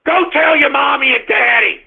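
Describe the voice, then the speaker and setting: A man hosting a radio talk show, ranting aggressively and shouting insults at his listeners. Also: very high-pitched, moderate pace, creaky. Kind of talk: angry ranting monologue. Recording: muffled phone-line radio stream.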